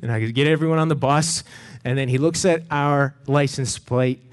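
A middle-aged man from Canada, a pastor telling a lively story in a sermon and acting out the voices of the people in it. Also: medium pitch, moderate pace. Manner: animated storyteller, acts out voices.

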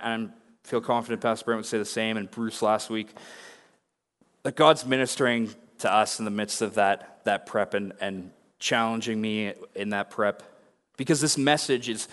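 Here a young man, a pastor, gives an earnest and confessional sermon from the pulpit in a medium-pitched, rather bright voice. A long hall reverb surrounds him, like the acoustics of a big sanctuary.

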